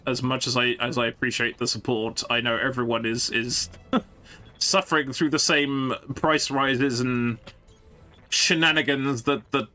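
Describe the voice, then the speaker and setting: A man's voice: mid-range voice, pushed and bright. A man giving casual, jokey live-stream commentary while playing a strategy game, often stumbling and restarting his sentences.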